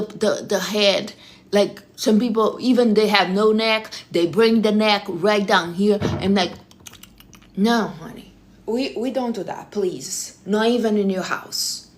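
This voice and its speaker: A woman chats casually on a live stream, handing out blunt advice with a teasing edge. Her English has non-native phrasing, and her voice sits at an ordinary middle pitch for a woman. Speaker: livestream host.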